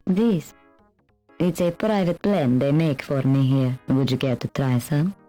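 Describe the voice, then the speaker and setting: A woman voicing a polite, evasive woman with a Romanian accent in an adventure game, speaking in a measured, hesitant way. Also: a bass voice, dark tone, soft background music, rough recording. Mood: guarded. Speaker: game character. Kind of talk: 1990s adventure game voice acting.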